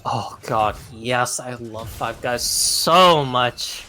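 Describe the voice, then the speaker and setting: A man's voice: mid-range voice, very slow, bright, forceful tone. A young American man doing esports color commentary, chatty and enthusiastic with lots of fillers. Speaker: esports caster. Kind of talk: color commentary and casual chat.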